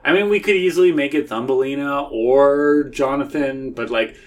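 A speaker in a casual chat, brainstorming a story in a relaxed, hesitant way with many fillers. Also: mid-range voice, moderate pace.

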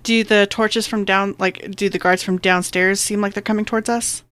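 A woman playing a tabletop game, giggly and excitable. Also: mid-range voice, moderate pace, dry recording, studio quality. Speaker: player. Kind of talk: casual tabletop play.

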